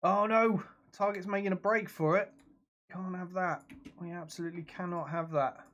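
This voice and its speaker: A man's voice: high-pitched, fairly even intonation, normal speed, fairly bright tone, lo-fi sound. Chatty man streaming a game at home. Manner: chatty, reacts aloud to the game and reads out chat. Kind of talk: casual live-stream commentary. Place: home room at his streaming computer.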